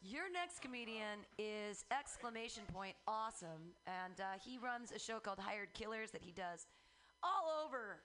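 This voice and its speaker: A woman's voice: on the high side, very animated, moderate pace, fairly bright tone, slight background noise. A woman hosting a comedy show, introducing comedians in an upbeat, cheering way. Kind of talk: emceeing comedians.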